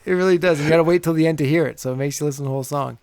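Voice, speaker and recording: Easygoing man with a higher voice. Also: rapid-fire, a little mellow. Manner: easygoing, laughs readily. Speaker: podcast co-host. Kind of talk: casual music chat.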